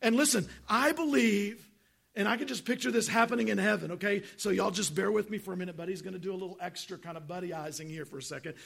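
A man's voice: sits high, fast, creaky, a bit bright, slightly rough. A man preaching a sermon as pastor, earnest and full of rhetorical questions.

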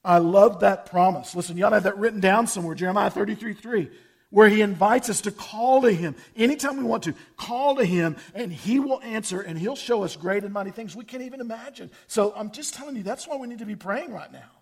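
A man preaching to his congregation, weaving folksy jokes and stories into the message. His voice sits high for a man, with a gravelly edge and a husky, slightly rough tone. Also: brisk. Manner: storytelling, conversational, with folksy jokes. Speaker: pastor. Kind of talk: sermon.

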